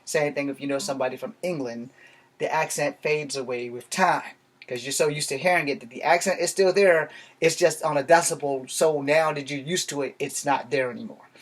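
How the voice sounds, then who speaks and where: A vlogger from Virginia, USA, with a fairly high-pitched voice and brisk delivery speaks directly to his viewers. It's a casual, rambling rant, profane, blunt and heated.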